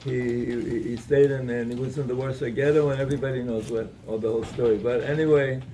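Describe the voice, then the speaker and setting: A man giving a Torah talk at an evening gathering, telling a story in a halting way, with many repeated words and restarts. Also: mid-range voice, fairly even intonation, warm tone, recorded from a distance, slight background noise, rough recording.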